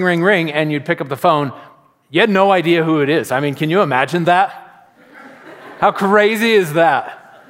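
A middle-aged man preaching a sermon as pastor, telling stories and acting out little asides in an animated way. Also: a little high. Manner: animated storytelling with acted-out asides. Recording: long reverb of a large hall.

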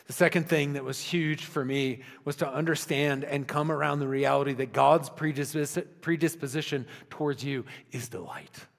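A man preaching a sermon in a conversational style, often dropping to soft, intimate tones. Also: fairly high pitch, fairly even intonation, moderate pace, gravelly, hardly any pauses. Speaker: pastor. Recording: long reverb of a large hall.

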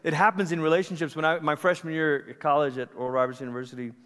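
A pastor in his forties from Malaysia, preaching in a casual, animated storytelling manner to a church. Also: on the high side, very fast. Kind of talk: conversational sermon. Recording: long hall reverb.

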